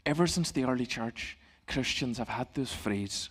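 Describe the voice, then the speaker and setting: A middle-aged male pastor giving a sermon in a church, in a calm, gentle, conversational way. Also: medium pitch, normal speed, breathy edge.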